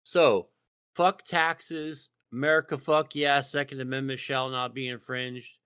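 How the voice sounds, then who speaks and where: A man's voice: mid-range voice, steady tone, unhurried, bright, forceful tone, smooth, dry recording, clean studio sound. A man from Texas co-hosting a casual podcast, profane and rambling, with lots of fillers and restarts. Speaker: podcast co-host.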